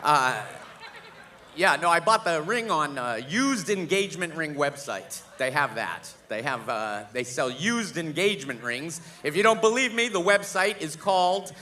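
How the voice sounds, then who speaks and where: Man, stand-up comic, profane, animated, slightly high voice, bright, forceful. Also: measured pace. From Boston, USA. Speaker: stand-up comedian. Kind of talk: live stand-up comedy. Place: live theater stage.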